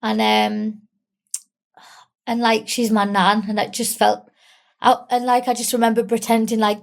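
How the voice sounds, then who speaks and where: A young woman from England, tearful, talking candidly and haltingly with small giggles in an interview. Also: a little high, flat delivery, creaky. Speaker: guest. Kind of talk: emotional interview.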